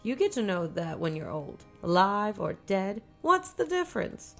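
A woman's voice: medium pitch, sing-song, normal speed, creaky, a bit bright, faint music behind. A woman voicing a crazed old woman who lives alone in a derelict house, talking in brooding, rambling turns.

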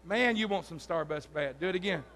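High, bright-voiced preacher. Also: male voice, expressive, a little fast. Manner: loud, coaxing, teasing. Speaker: youth camp preacher. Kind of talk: lively youth service sermon with audience games. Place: church camp service.

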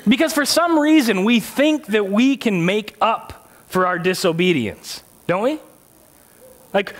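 A man's voice: high voice, big pitch swings, a little slow. A man preaching a sermon in a church, conversational and joking, putting rhetorical questions to the congregation. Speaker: pastor.

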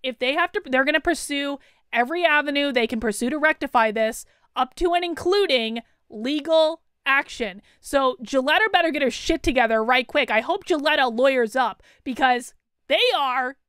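Woman host with a high voice, delivering indignant breaking-news commentary. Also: normal speed, fairly bright tone, no echo, studio quality. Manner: emphatic, incredulous, indignant outbursts. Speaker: political commentary vlogger.

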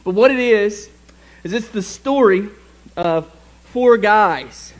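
Pastor guy w a high voice preaching in church, upbeat, cracks jokes at the congregation. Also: slow, poor audio. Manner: energetic, jokey, speaks to the congregation. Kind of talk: sermon. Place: church sanctuary.

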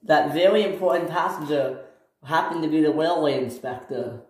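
A storyteller narrating a toy train story in a slow, plain way. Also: medium pitch, a little mellow. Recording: echoey room, faint hiss.

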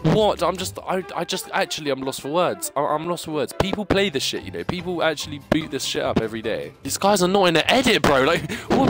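Excitable young man ranting over gameplay. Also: a little fast, few pauses, soft background music. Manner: excitable, ranting, with sudden high yelps and stammering restarts. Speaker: gaming YouTuber. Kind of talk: casual gameplay commentary.

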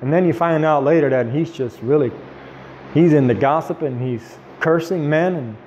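A man leading an informal Bible study, chatting with the group and slowing down to quote scripture. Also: on the high side, highs cut off, noisy background. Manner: conversational, quoting scripture slowly.

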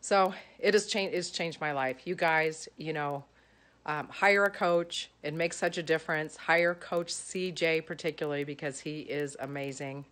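A woman's voice: low-pitched, steady tone, unhurried, fairly bright tone. A woman giving an emotional testimonial about her coach, gushing and rambling with many fillers. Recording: music playing under the voice.

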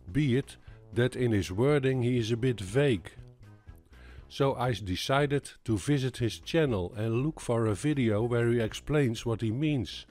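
A man, narrating a science video in a calm, matter-of-fact and skeptical way. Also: medium pitch. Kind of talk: scripted narration.

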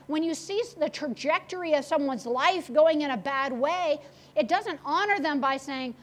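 A woman pastor preaching a sermon, retelling a story with animated, acted-out quotes. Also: high-pitched, moderate pace.

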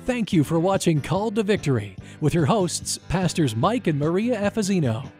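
Guy announcer, scripted outro, animated tone, faint guitar music. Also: high-pitched. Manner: clear, measured reading of contact details. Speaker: program announcer.

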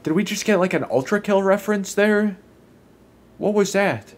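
A man's voice: sits high, normal speed. A man giving casual gameplay commentary, profane and easily startled. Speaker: gaming video creator.

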